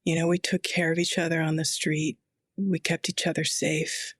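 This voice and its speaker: A woman's voice: sits low, level tone, moderate pace, a bit bright, no room sound, clean studio sound. A woman voicing an angry, grieving man from the street who feels that no one cares about him. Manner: bitter, raw complaint.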